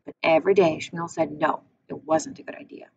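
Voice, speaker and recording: Low, gravelly woman reading an audiobook. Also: steady tone, fairly quick. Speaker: audiobook reader. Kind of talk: audiobook narration. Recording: muffled with faint hiss.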